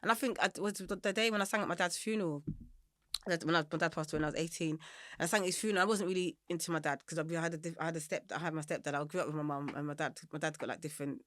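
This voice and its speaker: A woman's voice: deep voice, no room sound. A middle-aged woman with a London accent, telling her life story in a candid, rambling interview and laughing easily. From Germany and South London. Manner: rambling, animated, quick to laugh. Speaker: singer-songwriter guest.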